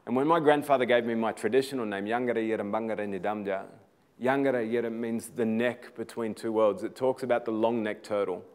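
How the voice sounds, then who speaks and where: Earnest Australian man, fairly low voice. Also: steady tone, brisk, clean tone. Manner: earnest, storytelling, restarts words while building to emphatic points. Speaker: motivational speaker. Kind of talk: inspirational talk.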